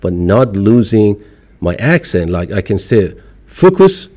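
A middle-aged man from Iran speaks with a strong Iranian accent, his voice fairly low and dark in tone. He talks as an interview guest in a casual, emphatic way, pushing his points with animated bursts and non-native phrasing. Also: unhurried. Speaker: podcast guest.

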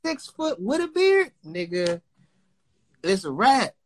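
A man's voice: high-pitched, very animated, slow pace. A man in casual chat, talking loosely and profanely and often circling back on his words. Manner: loose, profane, rambling and repeats himself.

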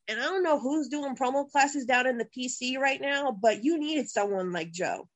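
A woman with a fairly high voice, cursing freely in an impassioned rant. She sounds close to the mic, with a dry sound and no room around her. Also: animated, moderate pace, hardly any pauses, no room sound, rough recording. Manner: profane, impassioned ranting. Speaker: podcast co-host. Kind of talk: heated wrestling podcast rant.

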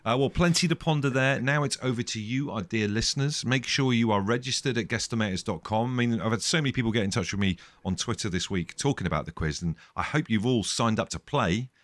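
A man's voice: medium pitch, fast, few pauses, a bit bright, dry recording. A man hosting a podcast in rambling, jokey casual chat. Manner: rambling, jokey, self-deprecating. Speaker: podcast host.

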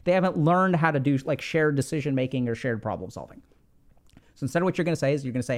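A man's voice: on the high side, lively intonation, fast. A man hosting an advice podcast, explaining in a casual, conversational way, often checking in with "right?" and using "like" a lot. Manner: conversational, many "like" fillers and "right?" check-ins. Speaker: podcast host giving relationship advice.

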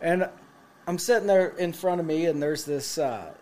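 A man's voice: fairly high pitch, moderate pace. Profane, laughing storyteller man. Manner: profane, animated, laughs through his stories. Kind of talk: casual storytelling among friends.

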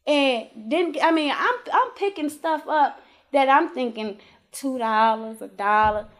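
A woman casually telling her faith testimony in an interview, animated and emphatic, acting out conversations in colloquial speech. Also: sits high, measured pace. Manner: animated storyteller who acts out dialogue with God and her kids; colloquial, emphatic, rising to exclamations.

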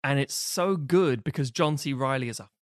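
A man's voice: mid-range voice, moderate pace, no echo, clean studio sound. A man co-hosting a film podcast, chatting casually and animatedly, acting out quotes with bursts of laughter. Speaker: podcast co-host.

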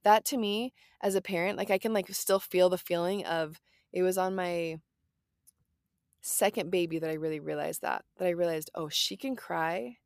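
Here a woman in her thirties speaks in a lowish, darkish, steady voice at a moderate pace, with no echo and clean studio sound. Earnest and reassuring, she talks through parenting advice in a chatty way, leaning often on "like" and "right?".

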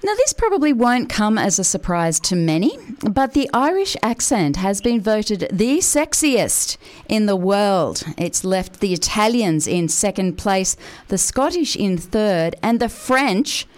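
A woman hosting a morning radio show, bubbly and animated as she asks questions. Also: medium pitch. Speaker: radio host.

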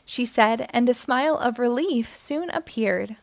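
A woman reading a rhyming children's picture book aloud, with a gentle, lilting storybook rhythm. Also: a little high, expressive, a little slow, vocal fry, no room sound.

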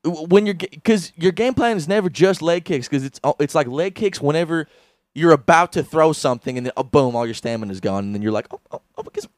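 Young dude rambling on a comedy podcast, cussing, acting out quotes, really animated voice. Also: male voice, a little high, fairly quick, hardly any pauses. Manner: rambling, swears a lot, acts out quotes. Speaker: podcast co-host. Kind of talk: casual comedy chat. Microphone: studio podcast mic.

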